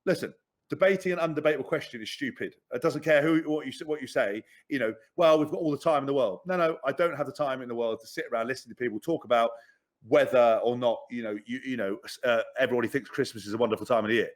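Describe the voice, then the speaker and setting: Fast, blunt man. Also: mid-range voice. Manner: blunt, sweary, repeats words. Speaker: podcast guest. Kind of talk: candid storytelling.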